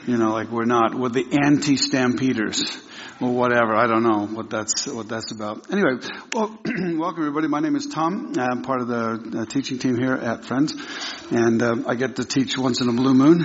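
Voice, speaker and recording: Halting man preaching in an echoey hall. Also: medium pitch. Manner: halting, many restarts and frequent throat clearing. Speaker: lay preacher on a church teaching team. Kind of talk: casual sermon with jokes. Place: church hall. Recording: echoey hall, dull lo-fi sound.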